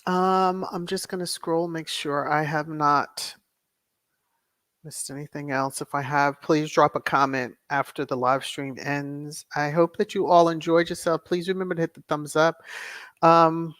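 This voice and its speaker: Livestream host, casual and soothing, mid pitch, dry close mic, repeats affirmations while reading comments. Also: fairly even intonation, unhurried, a bit bright, no room sound. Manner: reads viewer messages aloud and repeats thanks and affirmations.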